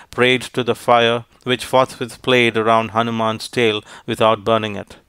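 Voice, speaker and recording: A man reads an epic tale aloud in measured, formal narration. His voice is smooth and clean, with little rise and fall. The recording is dry and close. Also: medium pitch, a bit bright, no room sound. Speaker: audiobook narrator. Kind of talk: scripted audiobook narration.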